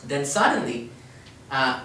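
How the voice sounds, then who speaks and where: A man giving a public talk as an activist, telling a story with lively quotes and a frequent "right?". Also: medium pitch, slow, slight background noise. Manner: animated storyteller, acts out quotes, tag question "right?". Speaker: activist speaker. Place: lecture hall. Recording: echoey hall, speaker far from mic.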